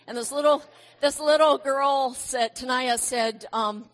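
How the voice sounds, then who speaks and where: A middle-aged woman preaching a sermon at an unhurried pace. Her voice sits a little high, and she speaks gently and reflectively, slipping into warm personal stories. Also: steady tone.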